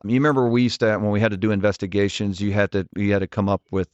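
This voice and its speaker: Earnest low-voiced man guest. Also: little pitch movement, racing, a little mellow, no room sound, muffled recording. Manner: earnest, direct, frequent restarts. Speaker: ministry leader, podcast guest. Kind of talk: conversational interview storytelling.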